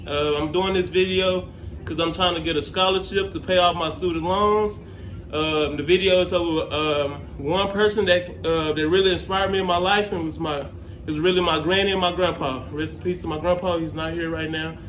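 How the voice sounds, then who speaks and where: Picture a young man with a noticeably high voice, rambling through his story in a casual, halting way and leaning on plenty of ums. The sound is roomy, with a faint hiss of background noise under it. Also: steady tone, a bit bright. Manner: rambling, halting, many fillers. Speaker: scholarship applicant. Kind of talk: casual to-camera talk.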